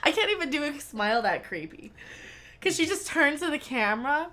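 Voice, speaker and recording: A woman co-hosting a casual stream, chiming in with quick remarks. Her voice is high for a woman and moves a lot in pitch. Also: very animated, sharp tone. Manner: quick interjections, laughs easily. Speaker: co-host. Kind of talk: casual chat.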